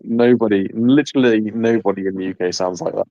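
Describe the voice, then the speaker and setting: A man's voice: fairly low pitch, fairly even intonation, brisk, no echo, dull audio. A British man chatting on a live stream as a guest. He talks casually and laughs often. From United Kingdom.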